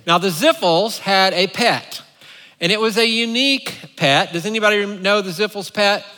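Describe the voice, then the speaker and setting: A man preaching a sermon as pastor, a playful, animated storyteller speaking to his congregation in a church. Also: high voice, normal speed, in a large hall.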